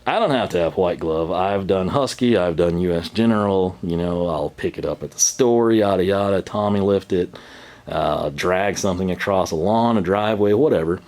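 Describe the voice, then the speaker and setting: A man's voice: deep voice, normal speed, darkish tone. A man hosting a casual vlog, rambling through a story, laughing often and acting out quoted voices. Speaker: channel host.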